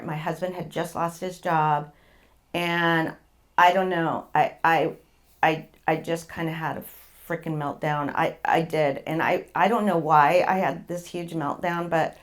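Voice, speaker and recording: A middle-aged woman, telling her own story as a patient guest, rambling, repeating words and laughing as she goes. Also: low voice. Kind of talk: candid personal storytelling.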